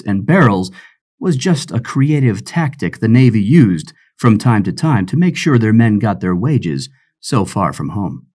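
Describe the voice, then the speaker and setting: A man narrating an adventure audiobook with expressive storytelling. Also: lowish voice, husky.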